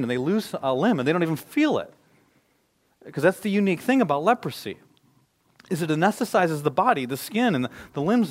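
A man preaching a sermon as pastor, impassioned, dropping to a hush and then rising to loud emphasis. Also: a little high. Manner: impassioned, swings from hushed to loud.

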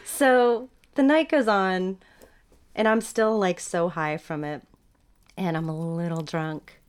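A woman telling a story in casual chat as a guest, lively and laughing, acting out what people said. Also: on the low side, slow pace, clear, resonant tone. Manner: animated, laughing, acts out quotes.

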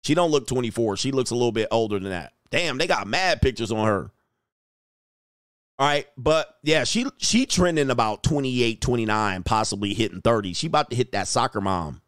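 A young man riffs in casual reaction commentary, loud and animated, with a mid-pitched voice. His talk is crude and full of laughter. The sound is dry and close. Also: normal speed, no room sound.

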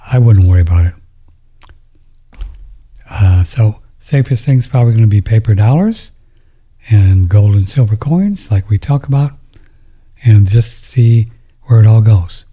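Male host, low husky tone, loose rambling delivery with hushed asides. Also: measured pace, pauses often. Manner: rambling, with frequent restarts and drops into near-whispers. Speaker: host answering viewer questions. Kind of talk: casual monologue.

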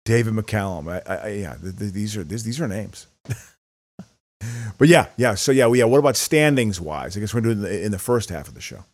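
A man's voice: fairly low pitch, lively intonation, fairly quick, no echo. A man co-hosting a podcast in casual chat, often stammering and repeating his words. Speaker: podcast co-host.

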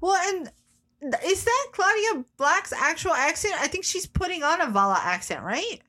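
A woman's voice: extremely high pitch, very animated, normal speed, sharp tone. A woman co-hosting a podcast, chatting casually and making wry jokes about the episode. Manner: wry, joking asides with laughter. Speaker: podcast co-host. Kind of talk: casual recap chat.

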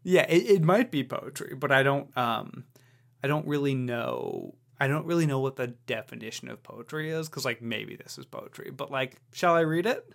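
A male podcast co-host with a gravelly, creaky voice. He talks casually, wandering through his thoughts and second-guessing himself as he goes. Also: mid-range voice, big pitch swings, normal speed. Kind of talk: casual chat.

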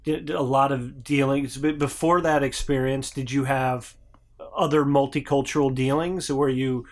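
Man asking halting interview questions. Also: mid-range voice, fairly even intonation. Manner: laughs along, asks halting follow-up questions. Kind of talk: casual interview.

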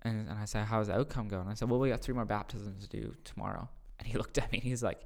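A man, a youth pastor, telling a retreat story on a podcast in a casual, excited way, often repeating his words. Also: fairly low pitch, quick pace, creaky.

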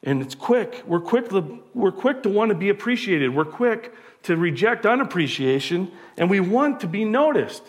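A pastor, preaching a conversational sermon full of rhetorical questions. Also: male voice, high-pitched, big pitch swings, normal speed, few pauses.

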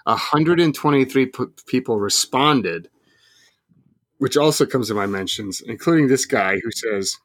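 A man's voice: medium pitch, expressive, measured pace, a bit bright, dry recording. A man co-hosting a casual podcast, telling rambling stories with dry humor. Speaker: podcast co-host, recruiting reporter. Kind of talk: casual chat.

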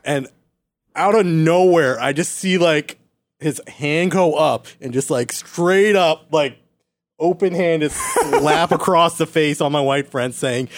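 A man's voice: on the high side, slow pace, no room sound. Anecdote-telling podcast man. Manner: storytelling, acts out quoted friends. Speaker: podcast co-host. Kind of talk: casual chat, telling an anecdote.

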